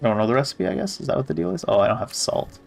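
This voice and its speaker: A man chatting casually while he plays, reading menus and dialogue aloud in an easygoing, offhand way. His voice has a gravelly edge at a middle pitch. Faint game music sits behind him. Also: animated, racing, a little mellow. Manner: laid-back, swears casually, reads game text aloud. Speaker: gamer. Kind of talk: casual gameplay commentary.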